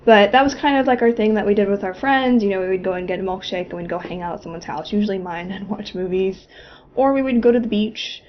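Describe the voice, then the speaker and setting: A woman's voice: mid-range voice, steady tone, quick pace, dull audio, slight background noise. A young woman from Florida telling a personal story in a casual, chatty way, swearing often and laughing as she goes. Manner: chatty, profane, laughing asides. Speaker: vlogger.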